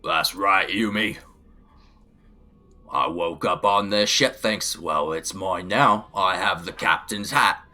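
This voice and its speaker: A man's voice: sits low, takes it slowly, sharp tone, heavily acted. A man voicing a boastful ork pirate admiral in a put-on Cockney accent, with slangy, broken grammar.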